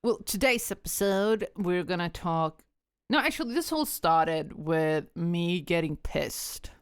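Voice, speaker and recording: A woman's voice: lowish voice, expressive, unhurried, clean tone, no room sound, studio quality. A woman co-hosting a podcast, speaking English as a non-first language, heated and exasperated, swearing constantly. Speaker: podcast co-host. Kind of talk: casual chat.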